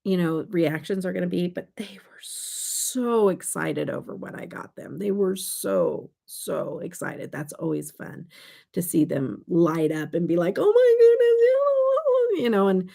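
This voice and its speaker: A woman's voice: on the low side, measured pace, vocal fry, warm tone. An older woman chatting casually on her makeup vlog, telling family stories and reading chat comments aloud. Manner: chatty, storytelling, reads live chat aloud. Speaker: makeup vlogger.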